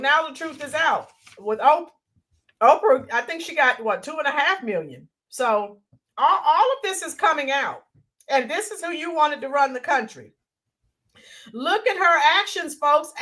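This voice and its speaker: A woman co-hosting a political livestream, talking in a high, bright voice that swings widely up and down. She is animated and chatty, breaking off to greet viewers and read out their comments.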